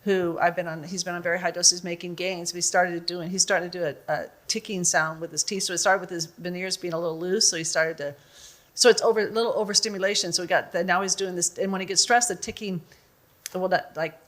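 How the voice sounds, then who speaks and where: A woman's voice: lowish voice, fairly even intonation, brisk, fairly bright tone. A woman doctor speaking on a panel, explaining at length in a casual, thinking-aloud way.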